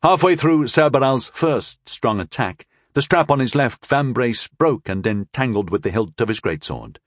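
Expressive male audiobook narrator. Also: medium pitch, normal speed, no room sound, studio quality. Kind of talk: first-person fantasy audiobook narration.

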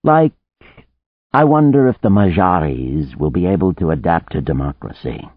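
A man voicing a calm older woman, lightly Russian. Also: normal speed, dry recording, heavily acted. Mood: calm musing. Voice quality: low and quiet. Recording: narrow phone-like band, dry.

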